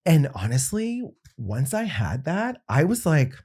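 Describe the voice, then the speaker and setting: A man's voice: a little high, very animated, a little slow, a little mellow, slightly rough. A young adult man, a podcast guest, telling a personal story in casual conversation and acting out the people he quotes.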